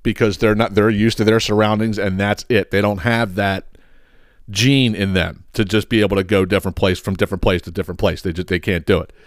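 A man's voice: fairly low pitch, steady tone, brisk, no room sound, studio quality. A man hosting a podcast, ranting heatedly with plenty of profanity. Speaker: podcast host.

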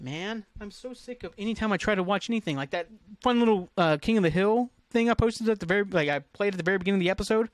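A man's voice: fairly high pitch, no echo. A man hosting a casual podcast, ranting in a frustrated, profane, rambling way. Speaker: podcast host. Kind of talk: casual solo podcast rant.

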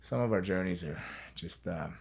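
A man's voice: deep voice, moderate pace, vocal fry, breathy edge. A man telling a story as an interview guest, in a casual, rambling way, repeating words and swearing freely.

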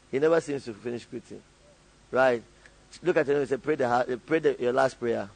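A man's voice: mid-range voice, a little fast, gravelly, low-quality recording. A male pastor preaching a sermon, calling on the congregation to fill in and repeat lines, often laughing. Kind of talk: call-and-response sermon.

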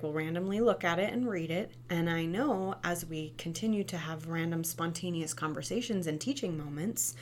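A young mother gives parenting advice in a casual monologue, her voice on the low side with a slight hiss or hum. She's earnest and chatty, often ending her points with "right?"

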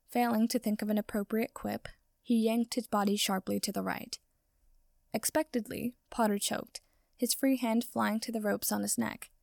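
A woman reads a story aloud in steady, even narration, at a middling pitch. Her voice carries a gravelly fry, and the sound is dry and close, with no room echo. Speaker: reader. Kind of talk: reading fan fiction aloud.

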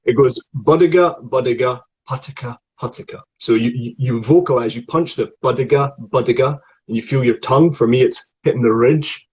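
A husky-voiced man leading a vocal warm-up lesson. He explains each exercise, counts out the repetitions and demonstrates the sounds at a mid pitch. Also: a little fast, hardly any pauses, dull audio. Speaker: voice coach.

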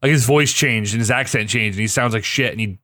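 A man's voice: mid-range voice, fast talker, sharp tone, no echo, clean studio sound. A man in a casual chat, ranting with heavy swearing and exasperation.

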